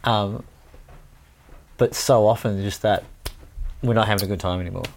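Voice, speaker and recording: A man's voice: on the low side, fairly even intonation, normal speed, creaky, a little mellow, a little hiss or hum. A man, a pub musician chatting casually on a podcast, rambling and laughing often. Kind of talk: casual chat.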